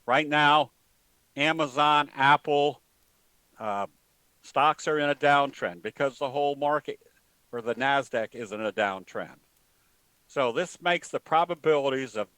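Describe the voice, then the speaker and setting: A man teaching trading in a plain-spoken, folksy way, pausing often with fillers. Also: mid-range voice, bright, forceful tone, dry recording, low-quality recording. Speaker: trading educator. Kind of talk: webinar talk with a told joke.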